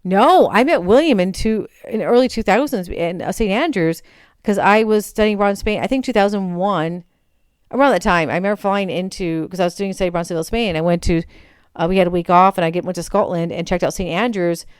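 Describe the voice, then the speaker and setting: A woman's voice: mid-range voice, a little fast, clear, resonant tone, no room sound. Rambling woman telling a story, dry close mic. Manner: rambling, self-correcting, animated. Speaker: vlogger. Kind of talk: casual storytelling chat.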